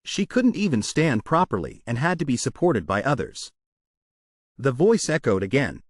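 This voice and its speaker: A man reading a comic story recap aloud in a steady, plain storytelling manner. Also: mid-range voice, moderate pace, dry recording, studio quality. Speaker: manhwa recap narrator. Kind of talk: scripted story narration.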